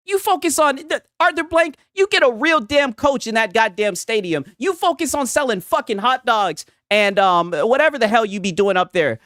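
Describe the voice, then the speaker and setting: Young male streamer, casual profane rant, animated delivery, dry mic. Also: very high voice, normal speed, hardly any pauses, no echo. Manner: profane, heated, keeps tagging "right?".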